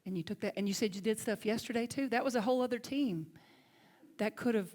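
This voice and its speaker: A woman's voice: on the high side, fast, darkish tone, lightly acted. A woman with a Southern accent quoting her blunt, no-nonsense Southern woman mentor in a sermon story. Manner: blunt, calls people out.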